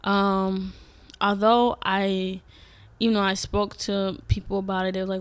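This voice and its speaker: A young woman vlogging, talking candidly and emphatically in a casual reflective monologue, swearing freely and breaking into sudden loud outbursts. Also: medium pitch, level tone, a little slow, smooth. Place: Atlanta.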